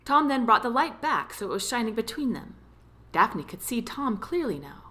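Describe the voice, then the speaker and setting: Lively, bright-voiced woman narrating. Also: fairly high pitch, normal speed. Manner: expressive storytelling. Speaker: audiobook narrator. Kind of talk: scripted narration.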